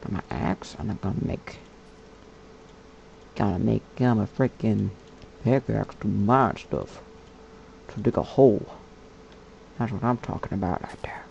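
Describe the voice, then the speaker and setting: A man giving casual gameplay commentary in a put-on character voice, muttering, whispering and chatting to the animals on screen. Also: darkish tone. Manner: puts on a slow, low, gravelly character voice. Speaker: gamer. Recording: dull lo-fi mic with faint hiss.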